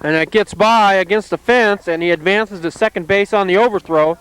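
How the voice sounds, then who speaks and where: A man calling play-by-play at an amateur softball game outdoors, in a calm, steady, plainly descriptive way. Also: high-pitched, normal speed, smooth, low-quality recording. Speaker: play-by-play announcer.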